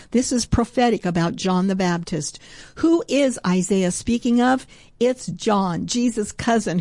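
Woman Bible teacher, mid pitch, earnest and eager reading verses aloud, dead-dry close recording. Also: no echo. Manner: warm, earnest, reads scripture aloud with growing excitement.

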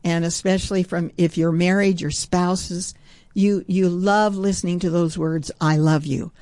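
A woman giving a devotional Bible teaching, reading scripture aloud in an earnest way that grows excited. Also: on the low side, a little slow, no echo.

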